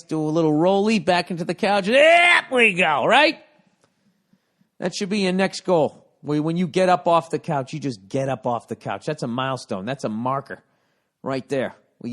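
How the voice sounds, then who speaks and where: A man hosting a comedic podcast, reading a listener email and ranting, profane with mock-shouting bursts. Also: a little high. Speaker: podcast host.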